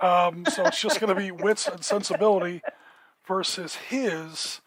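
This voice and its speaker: A man running a tabletop role-playing game as game master, explaining rolls and narrating in a relaxed way with many fillers. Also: sits high, moderate pace.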